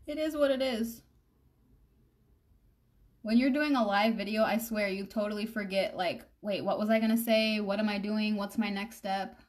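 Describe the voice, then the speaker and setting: A young woman talks through her makeup routine on a live stream. She rambles in an easy, chatty way and speaks straight to her viewers. Her voice sits at an ordinary middle pitch. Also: normal speed, long pauses. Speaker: makeup vlogger. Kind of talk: casual live-stream chat while doing makeup.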